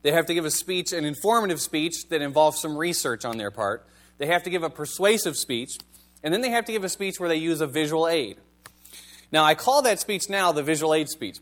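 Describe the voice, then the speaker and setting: A man's voice: a little high, animated, brisk, a bit bright. A male pastor giving a sermon in a conversational, wry manner, reading scripture and asking the congregation rhetorical questions.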